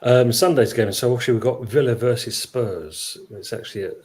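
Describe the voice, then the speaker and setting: A man hosting a casual football chat, relaxed and agreeable as he moves through the fixtures. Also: mid-range voice, a little fast. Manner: leads the running order, relaxed and agreeable.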